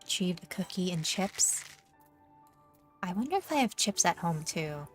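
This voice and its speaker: A young Canadian woman with a Canadian accent, streaming and chatting with her viewers in a teasing, rambling way. Her voice sits a little low, and she talks slowly and unhurriedly. Faint music plays softly behind her. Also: sing-song. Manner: chatty, teasing, filler-heavy. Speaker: VTuber streamer. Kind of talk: casual chat with viewers while gaming.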